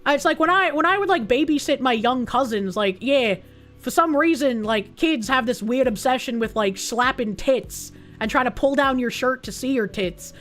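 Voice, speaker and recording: Give me a high-pitched woman streamer talking bluntly and profanely to chat, with soft music underneath. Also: expressive, normal speed. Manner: blunt and profane, reacting with disbelief. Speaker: live streamer.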